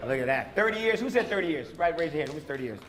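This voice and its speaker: A man's voice: fairly high pitch, animated, very fast. A man doing a stand-up comedy set with crowd work, brash and punchy, on a club stage with a handheld mic. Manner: brash, loud, punchy, chatting with the audience. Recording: live club recording with crowd laughter and noise. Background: audience laughter and room noise.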